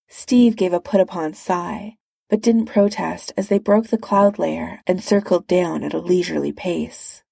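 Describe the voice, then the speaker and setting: A woman reading a superhero story aloud with even, unhurried narration. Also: lowish voice, vocal fry, slightly rough, dry recording, studio quality. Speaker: reader. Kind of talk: reading fan fiction aloud.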